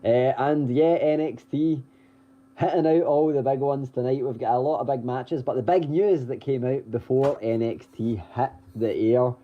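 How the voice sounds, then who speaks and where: This man's steady, mid-range voice moves at a moderate pace as he co-hosts a podcast about the week in wrestling. His casual rundown is full of ums and restarts plus the odd chuckle, and the recording sounds dull and lo-fi.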